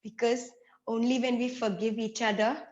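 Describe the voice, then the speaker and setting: A young male bee from a children's story, sulky and then sorry, pleading in a high, slow voice, as a woman puts him on. The sound is roomy and a little dull. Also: flat delivery, darkish tone, lightly acted. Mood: remorseful.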